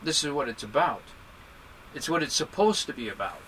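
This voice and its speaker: A man with a high voice gives a Buddhist dharma talk to his group. He teaches in an animated, joking way, and his pitch swings hard for emphasis. The tone is very bright and sharp. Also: a little fast, slight background noise, poor audio.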